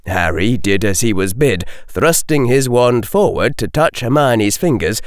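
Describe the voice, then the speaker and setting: A man narrates an audiobook at an unhurried pace. His pitch moves a great deal as he shapes each sentence. The recording is dry and close, with no room in it. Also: no echo. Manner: slow, measured and expressive. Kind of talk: scripted narration.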